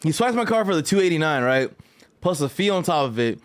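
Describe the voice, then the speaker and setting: A man telling a story in a casual vlog, animated and profane, full of slang and rambling asides. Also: on the high side, a little fast. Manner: loose, rambling delivery with frequent "right?". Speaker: fighting game vlogger.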